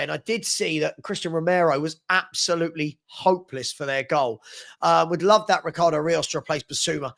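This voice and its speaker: A man's voice: a little high, a bit bright. Chatty man with a cold. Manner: chatty, playful, teasing, repeats himself. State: has a cold. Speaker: host of a live fan chat stream. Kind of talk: casual live-stream chat reading viewer comments.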